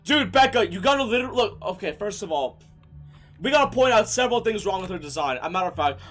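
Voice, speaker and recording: A young man commentating a game as a streamer, excitable and profane, breaking into shouted rants. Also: high-pitched, fast talker, faint music behind. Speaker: gaming streamer. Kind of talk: let's play commentary.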